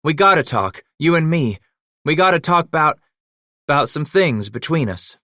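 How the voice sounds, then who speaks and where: A man's voice: fairly high pitch, expressive, unhurried, bright, forceful tone, no echo, clean studio sound, pitched above the performer's own voice. A man voicing an earnest young male fur trapper who speaks urgently and pleadingly in frontier dialect.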